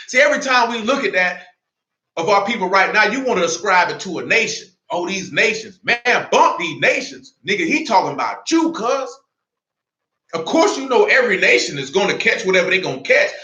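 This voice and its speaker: Male preacher, high and sharp-edged, confrontational sermon delivery, echoey room. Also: big pitch swings. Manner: fiery, confrontational street-talk preaching; slower, lower reading of scripture.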